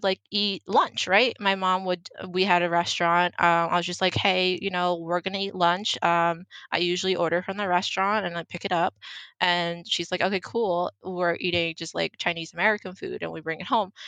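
Gravelly-voiced young woman, casual storytelling. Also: lowish voice, a bit bright, no room sound. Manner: storytelling, heavy use of "like". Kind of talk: casual chat.

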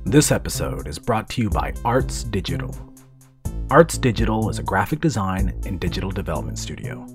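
A man hosting a podcast and narrating a story in calm, measured scripted narration on a close mic. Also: low voice, music in the background.

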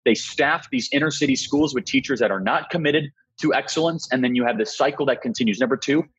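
A young man speaks quickly and emphatically, pressing his points one after another. His voice is husky and a little raspy. The audio sounds dull and lo-fi. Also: medium pitch, a bit bright. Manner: emphatic, rapid argumentative delivery. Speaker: guest, political activist. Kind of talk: political interview.

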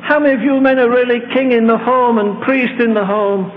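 A man's voice: very high-pitched, fairly even intonation, fairly quick. An older man preaching a fervent sermon, pleading with the congregation and telling stories. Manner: fervent, pleading, tells anecdotes with put-on voices. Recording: tinny old tape in a large hall with hum.

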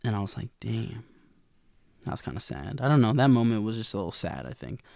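Gravelly young man recapping casually. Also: on the low side, very animated, brisk, a little mellow, no room sound, clean studio sound. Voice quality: gravelly, with vocal fry. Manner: slangy, rambling, acts out characters' lines. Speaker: TV episode recapper.

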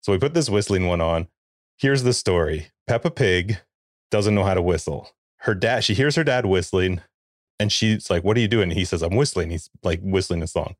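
Acting out each family member's lines with animation, a low-voiced podcast co-host in his forties shares a family story during casual conversation. He talks at a normal speed, and the audio is dry and close-miked, with no surrounding room.

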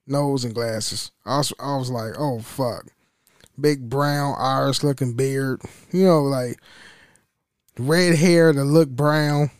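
A man's voice: fairly high pitch, a little mellow, clear, resonant tone, no room sound. A man hosting a casual solo podcast, rambling and profane, stammering and laughing between thoughts into a close mic. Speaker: podcast host.

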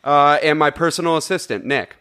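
A man's voice: fairly high pitch, a little fast, sharp tone, clear, resonant tone. A man hosting a podcast in casual comedic chat, rambling and joking, swearing freely. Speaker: podcast host.

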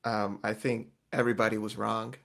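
A man's voice: on the low side, fairly quick, gravelly. A man chatting casually about a reality show, rambling, restarting and acting out quotes with bursts of volume. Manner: animated, acts out quotes loudly, rambling with restarts.

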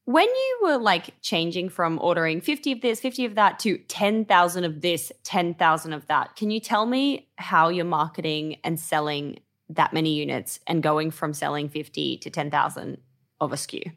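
Woman interviewer, lower voice, casual filler-laden questions. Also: expressive, moderate pace, a bit bright.

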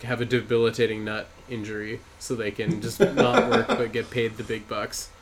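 A man's voice: on the low side, expressive, moderate pace, a crowd in the background. A man co-hosting a podcast in casual chat, rambling and laughing through crude banter. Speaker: podcast co-host.

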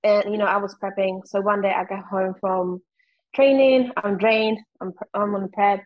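Czech-accented woman chatting fast on a podcast, lots of likes, kinda dull lo-fi sound. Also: medium pitch, fairly even intonation. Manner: candid, fast, heavy use of "like". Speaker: guest. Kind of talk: casual interview chat.

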